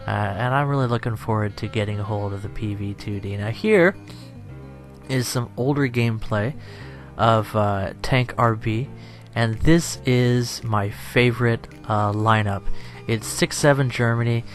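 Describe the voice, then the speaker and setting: A man's voice: mid-range voice, a little slow, soft background music. A tired young man chatting over gameplay as a channel host, rambling and self-deprecating, laughing often.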